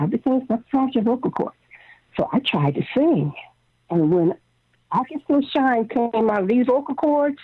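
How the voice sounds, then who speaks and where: Animated older woman on a phone line. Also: on the high side, breathy edge, no echo. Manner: animated storyteller, acts out quotes. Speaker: guest singer. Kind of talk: casual interview over the phone.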